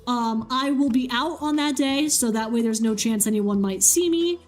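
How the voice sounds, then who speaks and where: A woman's voice: on the high side, moderate pace, soft background music, close to an everyday voice. A woman voicing an invisible god husband who earnestly lays down his one rule. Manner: earnest, pleading.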